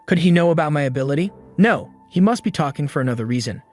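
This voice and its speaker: A man's voice: fairly high pitch, animated, quick pace, darkish tone, close to an everyday voice. Man doing a smug scheming manipulator.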